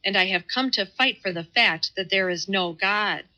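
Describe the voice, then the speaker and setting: A woman's voice: mid-range voice, sharp tone. Woman reading a fierce stubborn atheist man. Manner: slow, vehement, stubborn. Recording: slightly muffled audio.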